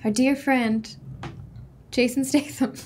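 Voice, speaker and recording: Playful female player, bright high voice, unhurried. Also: steady tone, slight background noise. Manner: giggly and playful. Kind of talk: casual tabletop play.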